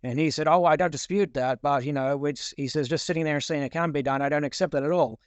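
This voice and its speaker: A man's voice: on the high side, fast talker, no room sound. A man in casual discussion, rambling with many repeated words and fillers while reading out passages.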